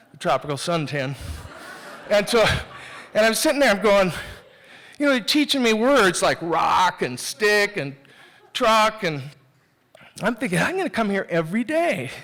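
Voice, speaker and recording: A man's voice: high voice, fairly bright tone. A man telling a personal story live on a theater stage, candid and self-mocking, talking conversationally with restarts.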